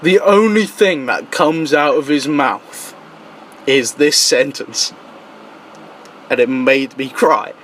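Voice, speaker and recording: A young man telling a party story in casual chat, animated and swearing, his voice jumping high when he quotes himself. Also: slow pace, long pauses, a little hiss or hum. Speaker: guest.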